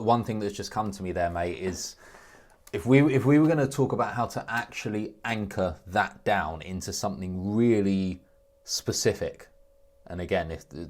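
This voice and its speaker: A man's voice: sits low, a little mellow. A man hosting a talk, giving earnest, reflective business advice in a conversational way. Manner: earnest, reflective, lots of restarts. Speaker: host.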